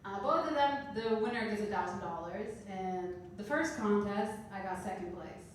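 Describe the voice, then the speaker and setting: A woman in her thirties from Canada doing a stand-up comedy set, telling stories with deadpan, dark punchlines. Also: medium pitch, normal speed, background noise. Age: 30s. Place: comedy club stage. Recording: echoey club room heard from a distance.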